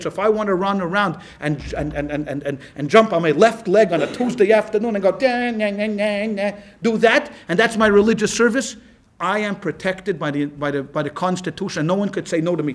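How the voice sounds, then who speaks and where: Animated high-voiced man teaching. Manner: animated and conversational, with many restarts. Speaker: rabbi. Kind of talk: classroom lecture. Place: class with a live audience.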